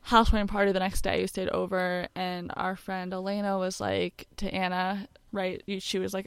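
A young woman co-hosts a podcast and tells a personal story, chatty and candid, with plenty of casual fillers. Her voice is smooth and clear. The sound is dry and close. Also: medium pitch, little pitch movement, moderate pace, hardly any pauses, no room sound. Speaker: podcast co-host.

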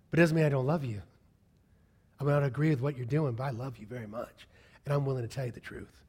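A male pastor preaching a sermon with passion, rising to loud peaks and dropping to hushed whispers. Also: mid-range voice, fast talker, slightly rough.

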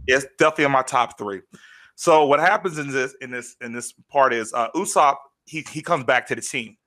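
Bright-voiced man in casual podcast chat. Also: medium pitch, fairly quick. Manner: animated storytelling with many fillers. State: choked up, near tears. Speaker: podcast co-host.

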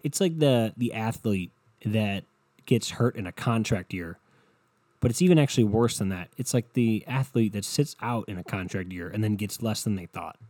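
A man's voice: lowish voice, animated, moderate pace, a little mellow, no room sound. A young man hosting his own podcast, ranting bluntly and rambling with lots of swearing. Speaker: podcast host. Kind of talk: solo podcast rant.

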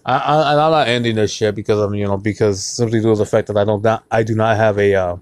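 A man's voice: fairly low pitch, fairly even intonation, fast talker, clear, resonant tone, dry recording. A man hosting his own podcast, rambling casually with lots of swearing and jokes. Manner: profane, rambling, joking, drinking beer on mic. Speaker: podcast host.

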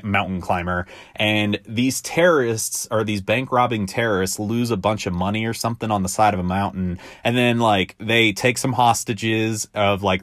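A low-pitched man talks through a solo podcast episode, rambling loosely and leaning on fillers. He swears offhandedly as he goes. The sound is dry and close, with no room echo. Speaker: podcast host. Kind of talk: casual solo podcast monologue.

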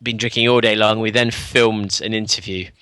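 A man on a podcast telling a story in casual chat, animated, acting out the dialogue and laughing often. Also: on the low side, normal speed, smooth, dry recording.

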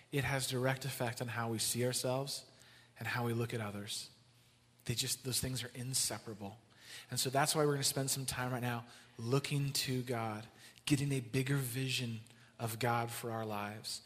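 Man, pastor, sermon, mid pitch, gentle, earnest, long hall reverb. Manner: gentle, earnest transition into worship and prayer.

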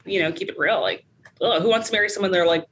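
A woman's voice: on the low side, quick pace, a bit bright, slight background noise, rough recording. A woman co-hosting a casual podcast chat, talking loosely with lots of fillers. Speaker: podcast co-host.

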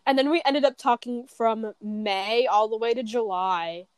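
A woman's voice: fairly high pitch, measured pace, clean tone, dry recording. A teenage girl in casual chat, rambling and swearing, with many fillers and restarts. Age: teens. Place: bedroom.

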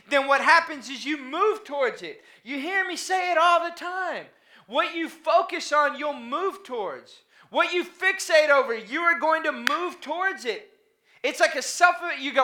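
Dad pastor preaching casual, bright punchy voice, lots of room echo. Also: male voice, extremely high pitch, normal speed. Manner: conversational, anecdotal preaching with dad jokes. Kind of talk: sermon.

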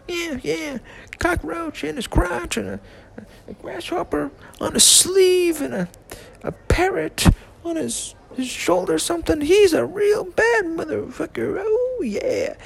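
A drunk man putting on a manic, high-pitched voice, rambling raspily with cracking, strained tones. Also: lively intonation, a little slow, full character voice. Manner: raspy, rambling.

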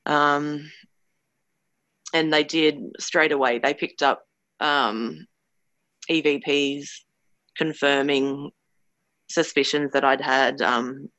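A woman's voice: low-pitched, fairly even intonation, takes it slowly, long pauses, fairly bright tone, no echo, highs cut off. A woman earnestly recounting a personal experience, hesitant and searching for words as she goes. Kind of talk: personal storytelling.

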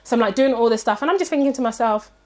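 A woman tells a story in casual chat, fast and slightly high. She acts out the other people with lively quoted voices. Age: 30s.

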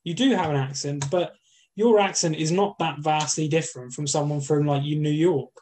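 Male co-host, slightly high voice, casual and sweary. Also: fairly even intonation, normal speed, darkish tone. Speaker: podcast co-host. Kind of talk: casual chat.

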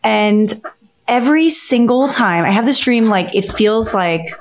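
A woman in her thirties co-hosting a podcast, telling a strange dream in a lively, casual way, swearing and laughing as she goes. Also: on the high side, a little slow. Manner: animated storyteller, swears freely, laughs while talking. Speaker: podcast co-host.

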